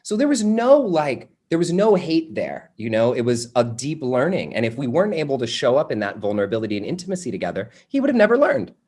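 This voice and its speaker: A young man teaching a workshop who slides into personal stories with a relaxed, chatty delivery. His voice sits at an ordinary middle pitch, and he keeps filling his sentences with "you know" and "like". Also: fast, hardly any pauses. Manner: conversational, animated, many fillers. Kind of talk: personal storytelling in a workshop talk.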